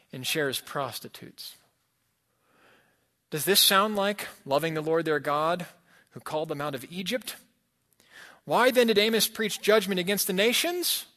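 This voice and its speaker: A man's voice: on the high side, pushed and bright. A man preaching a sermon, reading scripture aloud with dramatic emphasis. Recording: long hall reverb.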